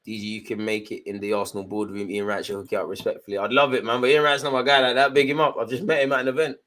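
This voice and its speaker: Racing through his words, a young man hosts a live football watchalong, giving chatty, jokey, slang-filled running commentary. He jumps between excited outbursts and low muttered asides.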